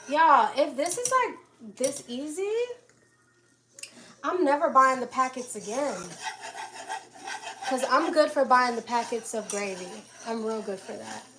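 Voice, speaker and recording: A young woman with a slightly high voice hosts a relaxed cooking live stream from her home kitchen. She chats to viewers by name and laughs easily between steps. Dishes and pans clatter clearly behind her. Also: a little slow, long pauses. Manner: chatty, greets viewers by name, laughs often. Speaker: livestream host cooking dinner. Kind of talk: casual live-stream chat while cooking. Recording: kitchen clatter and household noise in background.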